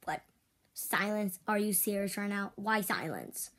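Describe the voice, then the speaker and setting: A woman's voice: mid-range voice, lively intonation, unhurried, a bit bright. A woman voicing an eager, impatient female toy karate student who asks whiny questions.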